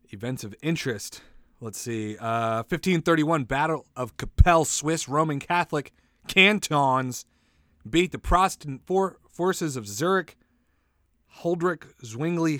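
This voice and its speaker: This is a man running a loose comic monologue on his own show, laughing at his own jokes and mocking himself. He admits he is high. His voice is mid-pitched and recorded dry, with no room echo. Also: fairly bright tone. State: says he is high. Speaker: solo show host.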